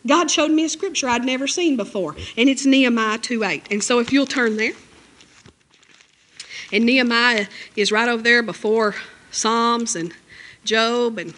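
A woman preaching a sermon and reading scripture aloud, emphatic and conversational, with her voice jumping up high on key phrases. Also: sharp tone. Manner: conversational asides, 'you know'.

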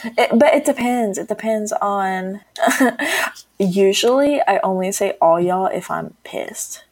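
A woman's voice: mid-range voice, expressive, slow pace, no echo. A woman from Texas chats on her podcast in a loose, casual way. She laughs often and swears without a second thought. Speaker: podcast co-host. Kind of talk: casual chat.

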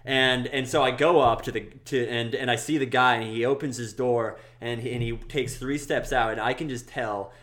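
Young male co-host, casual storyteller, everyday middle voice, animated. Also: normal speed, few pauses. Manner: animated, acts out quoted people in a high voice. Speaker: podcast co-host.

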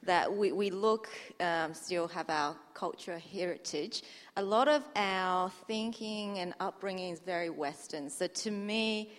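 A woman's voice: fairly low pitch, unhurried, hardly any pauses. A woman from China on a panel, giving a firm, direct answer. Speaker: dating show contestant. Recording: echoey hall on stage.

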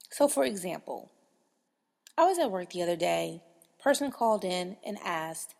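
A woman hosts a casual monologue, blunt and exasperated, with frank profanity. Her mid-pitched voice has a gravelly fry, and it rings with long hall reverb. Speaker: podcast host.

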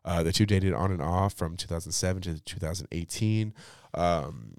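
A man's voice: sits low, normal speed, vocal fry, darkish tone, clean tone, no room sound, studio quality. A young man hosting a pop culture podcast, chatting casually with lots of fillers and cursing freely. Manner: chatty, slangy, swears freely, many fillers. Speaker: podcast host.

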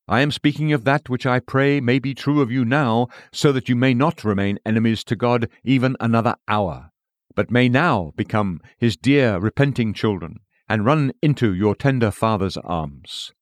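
A man's voice: mid-range voice, moderate pace, no room sound. Man, earnest pleading sermon reading, old-fashioned preaching, dry close sound. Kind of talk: read sermon.

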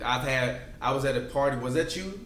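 A man's voice: mid-range voice, brisk, a bit bright, roomy sound. A man co-hosting a casual sports debate, pressing hard and interrupting to demand direct answers.

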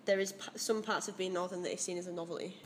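A woman's voice: lowish voice, steady tone, fast talker, a little hiss or hum. A young woman, chatting casually and with opinions in an interview and laughing often. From Leeds area, Northern England.

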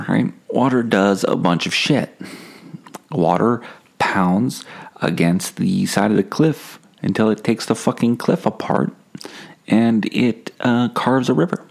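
Low gravelly guy rambling on his comedy podcast, deadpan and swearing a lot, makes fun of himself. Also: slow. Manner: deadpan, profane, self-mocking.

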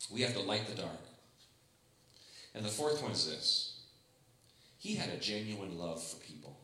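A man's voice: lowish voice, big pitch swings, measured pace, sharp tone. Chatty male pastor in echoey church. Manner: conversational, humorous, acts out quoted voices. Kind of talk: sermon. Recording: echoey room.

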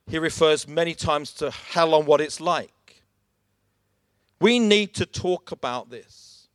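A man's voice: a little high, a bit bright, no room sound, studio quality. A man preaching a sermon, emphatic and direct, calling his listeners folks.

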